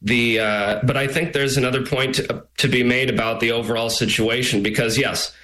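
A man, an immigration attorney, speaking as a guest in a news interview in a forceful, argumentative way. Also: medium pitch, steady tone, normal speed, poor audio.

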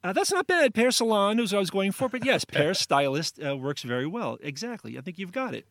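A man's voice: high voice, sing-song, fairly quick, fairly bright tone, no echo, clean studio sound. A man running a pun quiz on a radio talk show, setting up wordplay and laughing easily. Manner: jokey, sets up puns, laughs often.

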